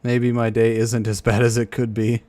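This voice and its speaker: A man's voice: mid-range voice, monotone, moderate pace, dark tone, slight background noise. A man streaming, giving casual commentary on videos as he watches them, exclaiming and laughing at what he sees. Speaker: streamer reacting to clips.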